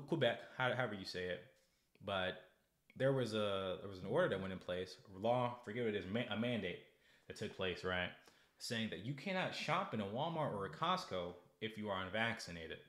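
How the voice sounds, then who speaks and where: A young American man hosting political commentary, ranting in a sarcastic, heated way with loud bursts and halting restarts. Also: on the low side, expressive, roomy sound. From United States. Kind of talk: casual commentary, ranting to camera.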